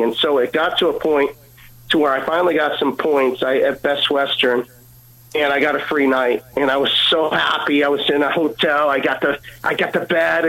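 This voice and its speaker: A man giving an earnest personal testimony as a guest, halting and repeating words as he goes. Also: fairly high pitch, fairly bright tone, low-quality recording.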